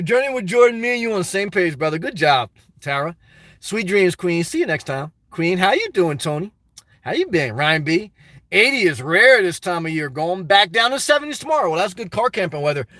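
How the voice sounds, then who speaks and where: Here a man running a casual livestream works through viewer chat aloud, crude and rambling, with bursts of loud, excited ranting. His high-pitched voice comes through a dry, studio-quality recording.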